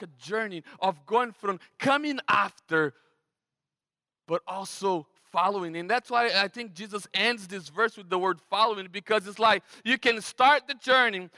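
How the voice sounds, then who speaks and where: A man from Brazil with a Brazilian Portuguese accent, preaching a sermon as pastor in a conversational, animated way with frequent restarts. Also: sits high. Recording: long hall reverb.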